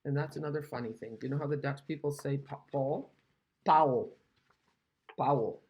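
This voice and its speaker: Husky chatty woman crafting. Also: low-pitched, steady tone, quick pace, mellow. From Canada. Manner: chatty, rambling, self-deprecating. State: recovering from illness, coughing. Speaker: craft demonstrator. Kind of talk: casual card-making tutorial.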